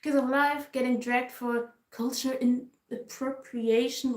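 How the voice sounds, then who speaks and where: A woman's voice: high voice, fairly even intonation, a little slow. Ranting woman in an echoey room. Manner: frustrated, emphatic, repetitive ranting. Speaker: K-pop vlogger. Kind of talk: casual ranting commentary. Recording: roomy echo.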